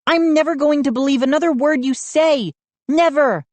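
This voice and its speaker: A woman's voice: high voice, animated, slow, no room sound, pitched above the performer's own voice. A woman reading an audiobook, voicing an indignant young girl who scolds shrilly.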